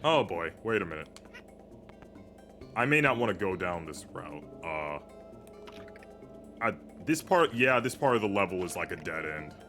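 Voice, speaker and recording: A man's voice: low-pitched, very animated, measured pace, pauses often, bright, forceful tone. Rambling young man over game music. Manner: rambling, filler-heavy chatter. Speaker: streamer. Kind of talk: casual gameplay commentary. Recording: music playing behind.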